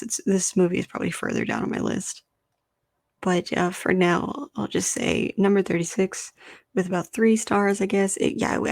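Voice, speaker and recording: A woman hosting a casual solo podcast, animated and swearing freely as she rambles through film rankings. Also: mid-range voice, gravelly. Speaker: podcast host.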